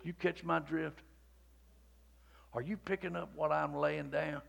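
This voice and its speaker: A pastor delivers a sermon in a high, bright, forceful voice that is also creaky, with a steady tone and measured pace. He preaches in a repetitive cadence, rising to shouted peaks and dropping to hushed near-whispers.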